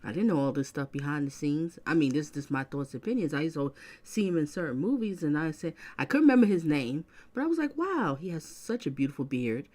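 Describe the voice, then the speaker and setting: A woman with a notably low voice hosts a casual commentary channel. She muses aloud in a chatty, loose way, hedging her opinions as she goes. Her tone stays warm toward the person she is talking about. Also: expressive, fast talker, hardly any pauses. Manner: chatty, musing, supportive.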